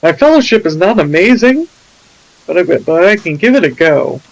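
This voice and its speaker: A man's voice: high-pitched, big pitch swings, normal speed, gravelly, poor audio. A man playing a tabletop game over an online call, hesitant and joking. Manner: hesitant, joking, many fillers. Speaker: player. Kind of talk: casual tabletop game play.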